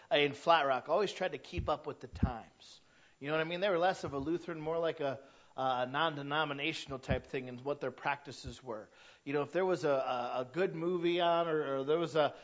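Conversational preacher with a higher voice. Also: male voice, dull audio. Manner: conversational preaching that surges to emphatic peaks. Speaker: pastor. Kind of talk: sermon.

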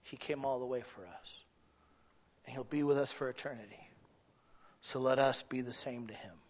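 A man preaching a sermon as pastor, shifting from quiet, near-whispered passages to loud, exclaiming ones. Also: mid-range voice, moderate pace, dull audio. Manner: swings from hushed and intimate to loud and exclaiming.

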